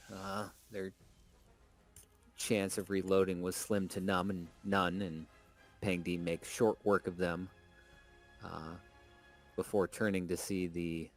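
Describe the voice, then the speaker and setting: Male tabletop player, deep and slow, relaxed and joking as he narrates his character's moves. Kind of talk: casual tabletop game play, narrating his character's actions.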